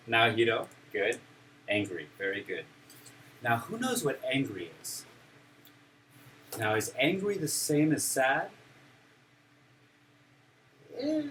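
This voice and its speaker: A man teaches young children in a classroom, talking slowly and swinging his pitch widely to keep them engaged. He is playful and encouraging, and he acts out each emotion. He is picked up from a distance, with faint room noise around him. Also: pushed and bright. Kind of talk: classroom teaching of simple English.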